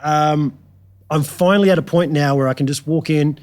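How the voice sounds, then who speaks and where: Chatty Australian man, higher voice. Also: moderate pace. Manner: animated storyteller, frank and chatty. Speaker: podcast guest, guitarist. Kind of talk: casual chat.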